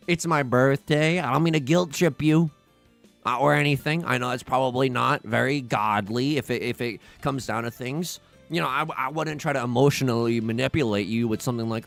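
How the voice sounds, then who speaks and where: A man's voice: mid-range voice, moderate pace, vocal fry, a bit bright, soft background music. A man streaming a tile game, joking and pleading dramatically as he plays. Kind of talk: casual livestream commentary.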